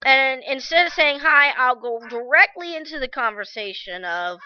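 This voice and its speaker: A woman vlogger recounting a personal story in a halting, reflective way, with frequent restarts and fillers. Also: sits high, animated, no echo, dull audio.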